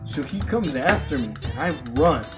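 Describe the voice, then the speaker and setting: A man's voice: fairly high pitch, animated, normal speed, music in the background. Young man telling stories, laughing. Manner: laughs often, acts out loud exclamations in his stories. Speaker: channel host telling stories. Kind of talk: casual storytelling among friends.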